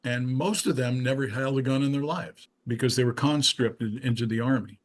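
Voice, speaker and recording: An older musician, a guest in a casual interview, tells rambling stories full of restarts and asides. His voice is medium in pitch with fairly even intonation, delivered at normal speed.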